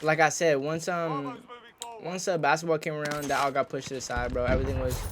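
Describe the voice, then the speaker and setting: A man's voice: on the high side, fairly quick, background noise. A young man casually telling an embarrassing story while playing a shooter game, in slangy speech that keeps saying "bro". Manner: slangy, animated, says "bro" often. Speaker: gaming video creator. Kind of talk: casual storytelling over gameplay. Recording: game gunfire behind voice.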